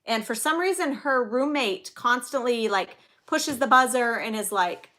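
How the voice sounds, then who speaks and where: A woman's voice: on the high side, animated, measured pace, sharp tone. A woman in her thirties hosting a casual live-stream trivia game, chatty and giggly, telling little stories between questions. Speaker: livestream trivia host and mother.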